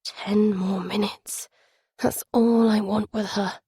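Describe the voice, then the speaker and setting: A woman voicing a frightened, grieving young man in an audiobook, his voice low, hushed and a little slurred. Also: steady tone, slow pace, husky, no echo, studio quality. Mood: yearning.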